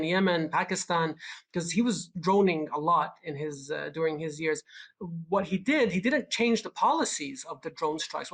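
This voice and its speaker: A podcast guest answering a question in a measured, explanatory way. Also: mid-range voice, fairly bright tone. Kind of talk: conversational interview.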